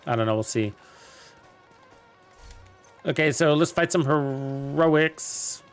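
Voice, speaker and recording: With faint music in the background, a young game streamer speaks slowly in a fairly high voice, offering casual, rambling commentary to viewers and leaning on lots of fillers.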